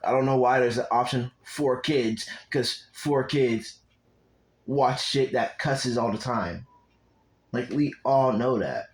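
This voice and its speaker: A man's voice: mid-range voice, takes it slowly, rough recording. A young man spins a fan story on the fly in a casual, unscripted way. He rambles, swears a lot and keeps stopping to talk straight to his viewers before picking the story back up. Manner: rambling and profane, with asides to viewers.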